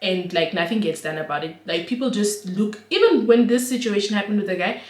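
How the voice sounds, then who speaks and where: A young woman, telling an animated, slangy storytime for her vlog. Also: mid-range voice, a little fast. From Namibia. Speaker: vlogger. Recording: roomy echo.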